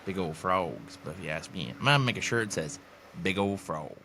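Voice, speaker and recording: A man's voice: sits low, animated, fast, background noise. A young man co-hosting a podcast in casual chat, reading viewer comments aloud with dry teasing. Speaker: podcast co-host.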